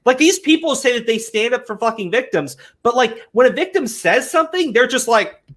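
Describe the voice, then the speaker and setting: A man ranting in heated commentary chat, swearing often and mocking critics in high whiny voices. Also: lively intonation, a little fast, a bit bright. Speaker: commentary podcast co-host.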